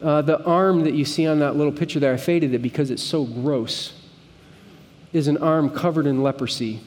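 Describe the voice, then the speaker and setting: A man's voice: fairly high pitch, moderate pace, a little mellow, in a large hall. A man preaching a sermon as pastor, earnest and conversational, with pleading emphasis at times.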